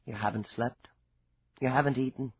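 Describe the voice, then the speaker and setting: A man voicing a cool, wry, wealthy Irishman with a soft, low, amused Irish-accented voice, in a dull recording. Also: fairly even intonation, normal speed, breathy edge, no echo, lightly acted.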